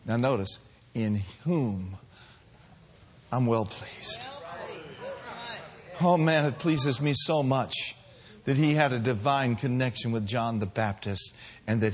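A man preaching a sermon as pastor, swinging from soft, drawn-out lines to loud, shouted calls. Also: medium pitch, expressive, husky.

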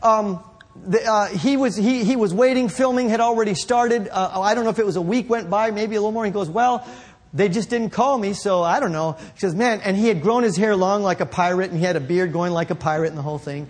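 A male preacher telling a story in a sermon, rambling and correcting himself, building up to shouts. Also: high voice, fast.

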